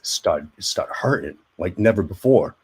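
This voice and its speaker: Husky, low-voiced man telling stories. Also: lively intonation, normal speed. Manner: rambling, repeats words, acts out quoted voices. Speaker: guest, army veteran and actor. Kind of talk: casual storytelling interview.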